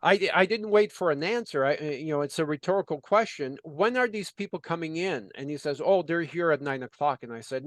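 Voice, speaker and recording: A man's voice: fairly high pitch, animated, brisk, few pauses, a bit bright, no echo. A man working as a business consultant, telling a story in conversation and acting out the dialogue with lots of "you know" fillers.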